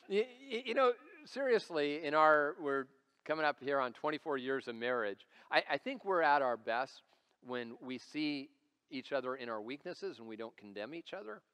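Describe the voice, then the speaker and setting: A man's voice: medium pitch, fairly bright tone, clear, resonant tone. A man in his forties preaching a sermon as lead pastor, conversational and storytelling with self-deprecating humor, recorded live in a church. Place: church sanctuary. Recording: church hall reverb.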